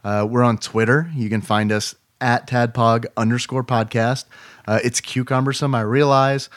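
A man's voice: medium pitch, level tone, normal speed, no room sound, clean studio sound. A man hosting a podcast, casually reading plugs with lots of fillers and the odd swear. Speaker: podcast host.

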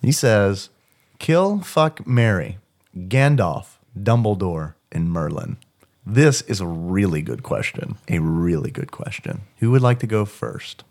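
A man's voice: fairly low pitch, sing-song, slow, darkish tone. A man co-hosting a casual podcast, reading listener texts aloud and joking with laughter. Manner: jokey, reads listener texts, laughs often. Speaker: podcast host. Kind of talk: casual chat.

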